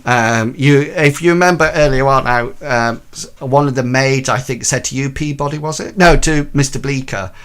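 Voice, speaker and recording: A man's voice: mid-range voice, normal speed, a bit bright, smooth. A man narrating a tabletop role-playing game as game master, in a hesitant way with many ums and restarts.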